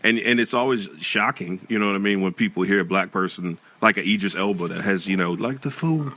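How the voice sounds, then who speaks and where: A man co-hosting a podcast, talking in a relaxed, easygoing way and filling gaps with you-knows. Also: fairly low pitch, brisk, a little hiss or hum. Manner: laid-back, drops lots of you-knows. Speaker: podcast co-host. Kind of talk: casual chat.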